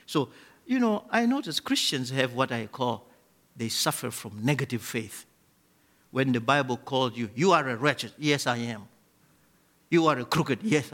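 A man preaching a sermon, swinging between loud emphatic peaks and quiet low lines, and leading the congregation in spoken declarations. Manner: leads the congregation in call-and-response declarations.

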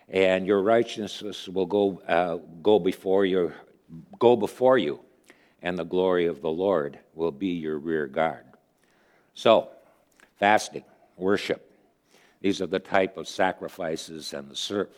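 A man giving a conversational sermon, retelling stories earnestly with pauses as he thinks. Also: low-pitched. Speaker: preacher.

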